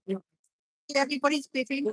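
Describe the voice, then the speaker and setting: A woman's voice: sits high, a little fast, dry recording, studio quality. An older woman chatting to camera outdoors at a march, giggly and hesitant, fumbling her words. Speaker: the streamer's wife. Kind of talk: casual chat to camera. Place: outdoors at a crowded street march. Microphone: handheld phone.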